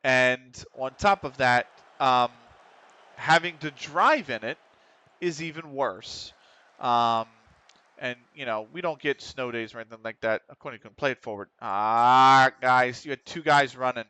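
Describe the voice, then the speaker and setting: An almost middle-aged American man talks casually on a game stream, cursing freely as his team struggles. His voice is bright and crisp, with a smooth, clean tone. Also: mid-range voice, unhurried. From United States. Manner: swears often, frustrated at the match, reads chat. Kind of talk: casual gaming stream chat.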